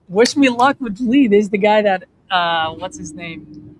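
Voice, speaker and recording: Host vlogger, man, high voice, wired and jittery, smooth persuasive sales patter. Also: lively intonation, rough recording. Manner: jittery, fast and wired from espresso; friendly, persuasive sales pitch. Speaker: real estate wholesaler cold-calling sellers. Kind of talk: casual vlog and sales call.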